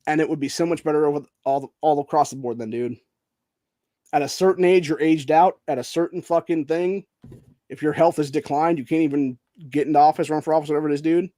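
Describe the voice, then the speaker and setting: A man's voice: fairly high pitch, fairly even intonation, brisk, dark tone, no room sound, clean studio sound. A man hosting his own channel, delivering a heated, profanity-laced political rant and calling everyone dude. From Ohio. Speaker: host.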